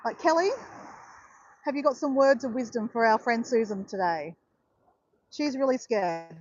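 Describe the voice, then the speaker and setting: A woman's voice: a little high, normal speed, a little mellow, dry recording, highs cut off. An Australian woman hosting a casual livestream, chatting with viewers in a rambling, encouraging way full of fillers. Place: outdoors in southeast Queensland.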